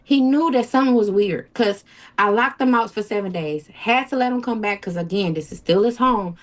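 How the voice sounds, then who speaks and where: A woman of middle pitch tells a painful personal story to an interviewer. She speaks in a halting, emotional way and voices the quoted lines of the people involved as she goes. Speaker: interview guest.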